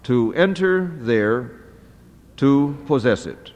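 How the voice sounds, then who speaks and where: A man teaching a scripture lesson, reading a text slowly line by line and pausing often with "uh". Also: medium pitch, expressive, darkish tone, big-room sound. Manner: slow, deliberate, pausing often with "uh". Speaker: Hebrew Bible teacher.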